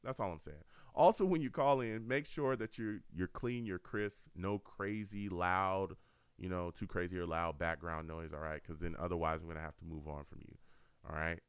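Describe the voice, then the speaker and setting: A man's voice: deep voice, moderate pace, smooth, no echo. A man hosting a fan call-in radio show, talking casually and repeating himself as he speaks straight to listeners. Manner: animated, repetitive, addresses listeners directly.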